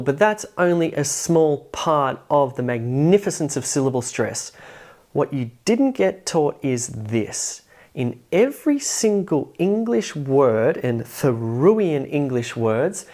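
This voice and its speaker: A woman teaches English pronunciation in a video lesson, speaking clearly and with emphasis. Her voice is low but very lively in pitch. She leans into example words to show where the stress falls.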